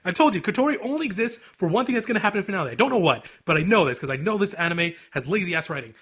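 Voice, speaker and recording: Fast, bright-voiced young man retelling anime. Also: high-pitched, slightly rough. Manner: animated, acts out scenes in quoted voices. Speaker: podcast co-host. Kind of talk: casual anime chat.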